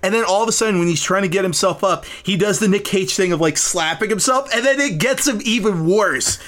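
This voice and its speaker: A man co-hosting a casual movie-review chat, enthusiastic and quick to slip into quoting scenes. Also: sits high, fairly bright tone.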